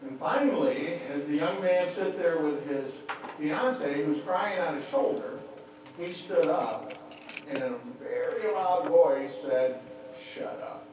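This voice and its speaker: A man's voice: fairly high pitch, expressive, measured pace, recorded from a distance, noisy background. A man preaching a sermon and telling stories, often repeating words as he restarts. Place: church sanctuary. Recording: echoey church hall, mic from afar.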